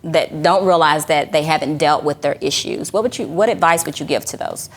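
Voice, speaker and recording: A woman with a somewhat low voice hosts a conversational interview. She is supportive and keeps the guest going with frequent short affirmations. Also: a little fast, slight background noise. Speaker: interview host.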